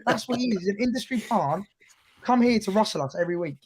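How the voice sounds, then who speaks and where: A man's voice: sits high, expressive, a little hiss or hum. A man on a casual football podcast, joking and repeating his punchlines. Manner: fast, joking, repeats himself. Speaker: podcast panelist.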